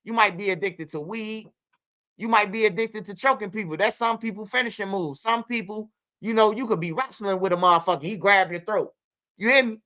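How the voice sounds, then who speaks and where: Profane woman with a bright voice. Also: medium pitch, brisk. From Chicago. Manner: profane, repetitive, animated storytelling. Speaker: channel host. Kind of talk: casual livestream commentary.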